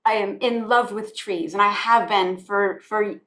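A woman's voice: mid-range voice, a little slow, fairly bright tone. A woman guest on a podcast, a spiritual life coach from the United States, talking in an earnest, heartfelt way, often repeating phrases. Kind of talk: conversational podcast interview.

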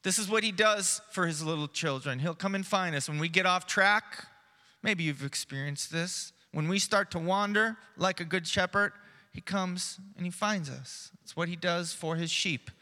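Earnest high-voiced pastor in a reverberant hall. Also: male voice. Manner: measured, earnest preaching, dropping soft and slow for reflection. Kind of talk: sermon. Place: church sanctuary.

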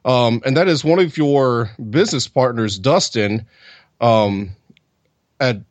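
A man hosting an interview, asking questions haltingly with many ums and uhs. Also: mid-range voice, dry recording. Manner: halting, lots of um and uh. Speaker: interview host. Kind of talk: conversational interview.

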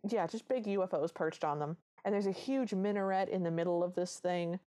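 A woman co-hosting a podcast, recapping a film in animated casual chat. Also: on the low side, fairly quick. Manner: animated storytelling. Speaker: podcast co-host.

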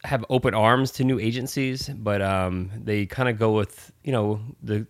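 A middle-aged man, a talent agent for comedians, answering podcast interview questions in a measured way with frequent fillers. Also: on the low side, a bit bright, smooth, no echo, studio quality.

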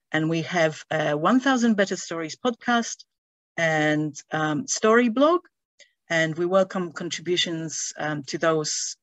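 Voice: medium pitch, a bit bright, no echo. A host opening an online event, with hesitant speech full of ums. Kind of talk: event introduction on a video call. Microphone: video call.

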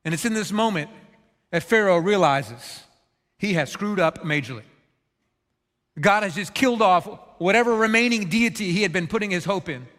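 Male pastor preaching, high voice, lots of hall echo, earnest. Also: normal speed. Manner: earnest, animated storytelling, acts out quotes. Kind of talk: sermon. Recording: long hall reverb.

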